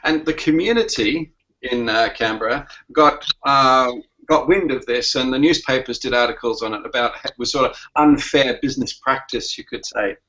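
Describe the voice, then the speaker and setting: An Australian man tells a story over a video call. His voice is bright and forceful, but it breaks into frequent uh and um pauses. The call audio is dull and lo-fi. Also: mid-range voice. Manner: halting, full of "uh" and "um". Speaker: commedia performer.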